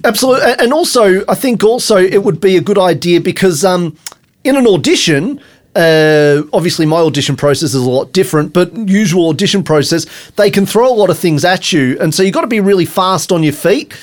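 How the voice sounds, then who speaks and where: A man's voice: high voice, animated, brisk. A man hosting an interview, chatty and teasing, asking long rambling questions. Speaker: interview host. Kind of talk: casual interview chat.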